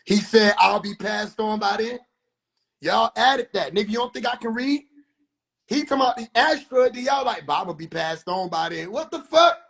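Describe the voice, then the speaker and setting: High-voiced man on a heated rant. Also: fairly even intonation, moderate pace, gravelly. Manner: heated, profane, incredulous, often shouting. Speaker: video commentator. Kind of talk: ranting commentary.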